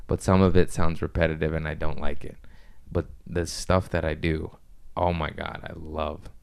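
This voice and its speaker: A man hosting a casual podcast, telling loose, profane stories and acting out quotes with a lively voice. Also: a bass voice, normal speed, gravelly, clean tone. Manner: loose storytelling, swearing, lively impressions in quotes. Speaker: comedian podcast host. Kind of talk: casual chat.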